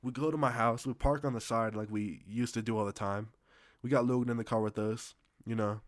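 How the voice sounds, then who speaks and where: Young guy, casual storytime, slangy and rambling, medium pitch, dead-dry close sound. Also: fairly even intonation, fairly quick, dry recording. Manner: loose, slangy, profane, rambling with restarts.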